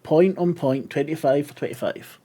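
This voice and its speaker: A man's voice: on the high side, moderate pace, warm tone. A man narrating as game master of a tabletop horror game, casual, laughing and swearing.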